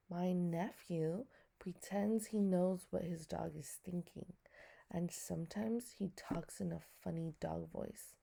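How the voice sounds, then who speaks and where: A woman's voice: fairly low pitch, vocal fry, mellow. A woman teacher giving a recorded lesson to her students, explaining patiently step by step and asking them questions.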